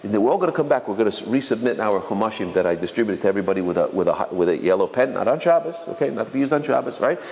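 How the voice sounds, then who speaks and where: A man's voice: lowish voice, animated, very fast, creaky, hardly any pauses, darkish tone. A male rabbi teaching a live Torah class. He asks the audience rhetorical questions, and he often restarts and repeats words as he talks. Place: lecture room with an audience. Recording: reverberant hall with faint noise.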